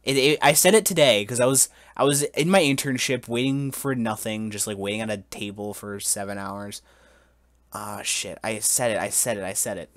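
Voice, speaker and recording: A young man in his twenties hosting a casual podcast, telling a mock-solemn story in a halting way, full of restarts and giggles. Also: fairly low pitch, fairly even intonation, no room sound. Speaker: podcast host.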